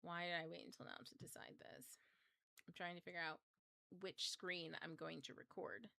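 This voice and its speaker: A woman's voice: fairly low pitch, steady tone, normal speed, creaky, bright, forceful tone, dry recording. A woman hosting a casual livestream, flustered and chatty. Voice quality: craggly. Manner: flustered, chatty, swears, laughs often. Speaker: host.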